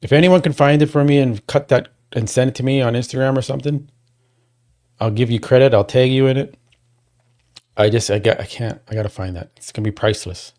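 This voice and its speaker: A man hosting a casual livestream watchalong, rambling and talking to his chat, and getting loud and worked up when he complains. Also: medium pitch, fairly even intonation, fairly quick. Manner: rambling, restarts, talks to chat. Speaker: livestream host.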